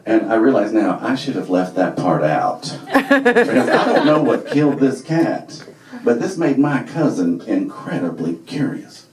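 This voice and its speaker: A man's voice: mid-range voice, unhurried, a crowd in the background. Man telling a wry story. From Alabama, US. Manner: lively, wry, conversational with many fillers. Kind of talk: live comic storytelling. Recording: echoey room, voice from far off.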